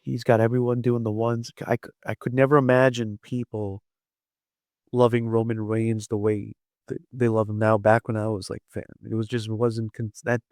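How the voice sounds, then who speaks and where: A man's voice: lowish voice, flat delivery, moderate pace, a little mellow, no room sound, studio quality. A man giving casual commentary on his vlog, rambling with lots of fillers and restarts. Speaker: wrestling vlogger.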